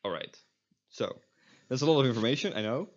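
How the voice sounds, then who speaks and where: A man with as his teaching a beginner's language lesson, explaining step by step with frequent filler pauses. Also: medium pitch, expressive, dull audio. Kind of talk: recorded online language lesson.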